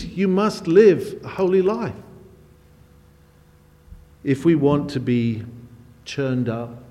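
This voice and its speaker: A man preaching a sermon, emphatic, with his voice swelling louder and higher on key phrases. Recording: long hall reverb.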